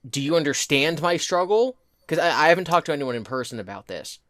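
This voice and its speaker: A man's voice: fairly high pitch, sing-song, quick pace, fairly bright tone, dry recording, studio quality. A man co-hosting a casual podcast, rambling and exasperated as he laughs at himself. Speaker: podcast co-host. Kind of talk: casual chat.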